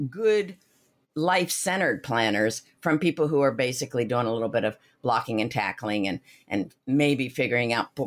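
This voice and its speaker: A woman, a financial advisor being interviewed, explaining with energy and everyday analogies. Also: extremely low pitch. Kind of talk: animated interview talk.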